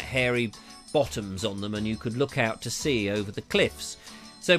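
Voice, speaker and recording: A man with a mid-range, fairly bright voice hosts a live show, rambling in a chatty, self-deprecating way. His throat sounds slightly dry, and he's picked up on a lapel mic.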